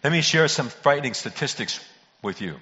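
An older male preacher with a bright, pressing voice leans into a folksy sermon, trading quips with his congregation. His words ring out through a church hall with a long echo, captured on a dull, muffled recording. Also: medium pitch, lively intonation, a little fast. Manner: folksy joke-telling preacher who calls out to congregation members. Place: church sanctuary.

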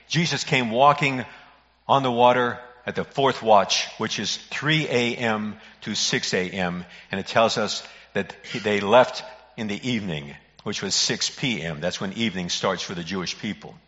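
A man, a pastor, preaching a sermon in an earnest, emphatic way with dramatic pauses. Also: on the low side, fairly bright tone. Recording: muffled audio in a reverberant hall.

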